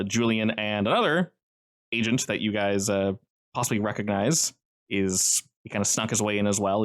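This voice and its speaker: Low-voiced man running a tabletop game. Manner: casual, loose narration with frequent fillers. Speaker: game master.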